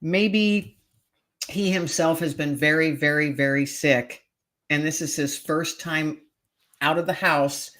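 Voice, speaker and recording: A woman's voice: deep voice, fairly bright tone. Middle-aged woman guest, earnest and emphatic, relating a personal story in an interview. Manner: earnest, emphatic, repeats key phrases. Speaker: podcast guest, author. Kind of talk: heartfelt storytelling in conversation.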